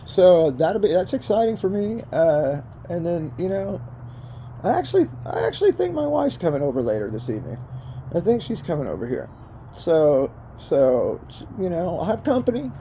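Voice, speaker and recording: A man's voice: high voice, big pitch swings, moderate pace, warm tone, a little hiss or hum. An older man, rambling profanely in a casual vlog from outdoors by a fire, calling the viewer bro and man. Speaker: vlogger.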